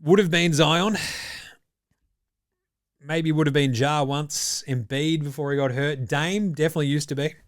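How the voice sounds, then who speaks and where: Sweary Australian bloke hosting a sports show. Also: male voice, a little high, fairly even intonation, normal speed, long pauses, no room sound, studio quality. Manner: profane, blokey banter. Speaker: basketball podcast host. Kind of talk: casual sports chat.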